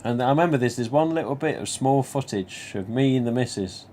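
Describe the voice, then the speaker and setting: A man with a Nottingham accent talks at an everyday middle pitch, rambling through a personal story on a livestream. He keeps adding little asides and drops the odd mild swear word. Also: lively intonation, fairly quick, dark tone, slight background noise. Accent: Nottingham English. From England. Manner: chatty, rambling, many you-knows, mild swearing. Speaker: livestream host. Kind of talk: casual anecdote telling.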